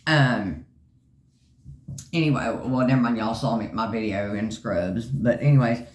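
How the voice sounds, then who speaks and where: Low-voiced woman in an echoey room. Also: a little slow, a little mellow. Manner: chatty, joking, acts out quotes in a high voice. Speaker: vlogger sharing her health journey. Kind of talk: casual storytelling to viewers.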